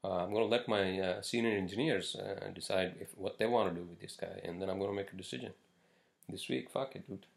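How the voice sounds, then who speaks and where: A man's voice: sits low, fairly quick, gravelly. A man hosting a casual solo podcast, ranting bluntly with lots of swearing and filler words. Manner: blunt, profane, rambling with many fillers. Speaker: podcast host.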